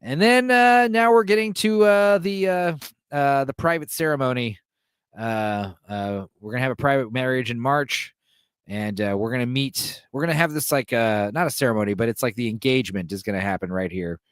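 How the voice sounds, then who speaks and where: A man's voice: mid-range voice, normal speed, smooth, no room sound, studio quality. A man hosting a podcast, retelling a film's plot in a casual, irreverent, joking way. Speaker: podcast host. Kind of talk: casual film recap.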